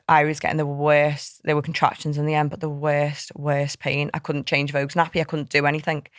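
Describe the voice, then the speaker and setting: Fast-talking woman telling her story. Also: sits low, dry recording, clean studio sound. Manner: heartfelt, tumbling recollection full of quoted speech. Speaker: podcast guest. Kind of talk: candid personal storytelling in an interview.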